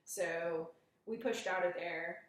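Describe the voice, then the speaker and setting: A woman tells trail stories with animated energy and frequent laughter, chatting with her co-host. She sits a little back from the mic in a heavily echoing room. Faint background noise hums under her voice. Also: on the low side, takes it slowly, distant mic. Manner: animated storyteller, acts out quotes, laughs often. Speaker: hiking vlog co-host. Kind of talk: casual chat recounting a hike.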